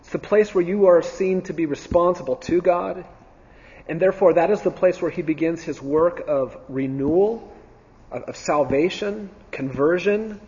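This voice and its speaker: A man's voice: a little high, moderate pace, a little mellow. Guy teaching bible class, earnest, lots of ums, echoey hall, kinda muffled. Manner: earnest, repeats phrases, many ums and restarts. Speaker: church teacher. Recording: dull sound with long reverb in a hall.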